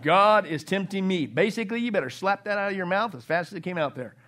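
A man's voice: sits high, big pitch swings, fast, fairly bright tone. A man preaching a sermon in a church, emphatic and full of rhetorical questions and joking asides. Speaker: pastor.

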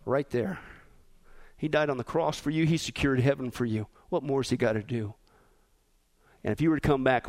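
A man preaching a sermon as pastor, animated, acting out rude voices and dropping to quiet emphasis. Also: mid-range voice, moderate pace, pauses often.

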